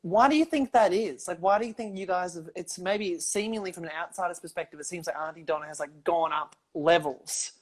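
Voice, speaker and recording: A woman's voice: lowish voice, a little fast, hardly any pauses, a little mellow. A woman hosting a casual interview, asking loose, eager questions full of filler words. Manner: eager, loose phrasing with many "like"s. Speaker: interviewer host. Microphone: video call.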